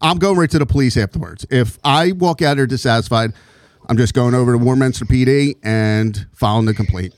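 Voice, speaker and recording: A man's voice: mid-range voice, fairly quick. A middle-aged man co-hosting a podcast talks in a heated, rambling way, stumbling and restarting his sentences. His voice sits in an ordinary middle range. The sound is dry and close, with no room echo. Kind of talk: casual conversation.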